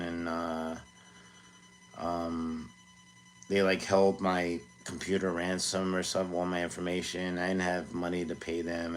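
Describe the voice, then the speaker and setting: Man, 40s, deep voice, loose rambling livestream chatter from his home studio, self-mocking. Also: slight background noise. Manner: rambling, self-deprecating, many fillers. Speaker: music producer streaming live. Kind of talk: casual livestream chat.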